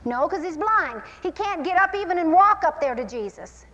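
A woman preaching and teaching from the Bible, animated and acting out the scenes as she tells them. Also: very high-pitched, normal speed, big-room sound, rough recording. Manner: animated, acts out scenes with shifting pace. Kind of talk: sermon-style Bible teaching.

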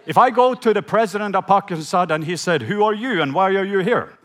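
A man from Norway preaching a sermon in his second language, animated and acting out the voices in his retelling, with stammers. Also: high-pitched, brisk. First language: Norwegian.

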